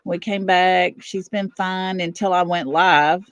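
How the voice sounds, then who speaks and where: Slow-talking middle-aged woman chatting live from home. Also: on the low side, fairly even intonation, dry recording. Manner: chatty, laughs often, fusses over her dog. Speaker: livestream host. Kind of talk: casual livestream chat. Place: at home, indoors.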